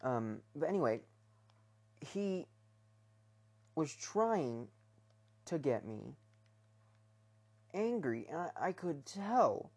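A man's voice: fairly high pitch, big pitch swings, very slow, pauses often, a little mellow, husky. A young man rambling casually in his bedroom, talking hesitantly with many restarts and fillers. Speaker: vlogger.

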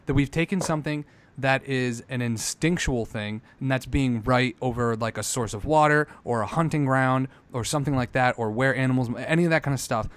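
A man in casual podcast chat, talking emphatically with lots of swearing and getting loud as he makes his points. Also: mid-range voice, brisk, smooth. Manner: emphatic, profane, builds into loud rants.

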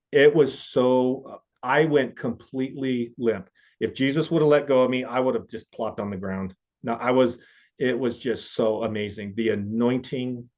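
A man earnestly and emotionally telling his personal faith testimony as a guest. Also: medium pitch. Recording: dull lo-fi audio.

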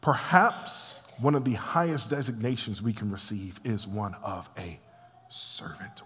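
Husky preacher. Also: male voice, on the low side, measured pace. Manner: dramatic, acts out voices, swings between loud and hushed. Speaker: pastor. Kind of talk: sermon. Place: church sanctuary. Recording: long reverb of a large hall.

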